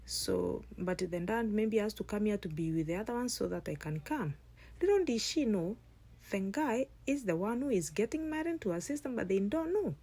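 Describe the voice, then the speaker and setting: A woman's voice: medium pitch, animated, moderate pace, dark tone, breathy edge. A woman vlogger chatting casually to her viewers as she retells a family story while cooking, rambling and restarting as she goes.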